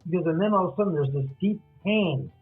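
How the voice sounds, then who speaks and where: A man's voice: high voice, quick pace, breathy edge, soft background music. A man, a guest author, animatedly telling a story and acting out the other person's lines. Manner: acts out quoted dialogue. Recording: tinny phone-line audio.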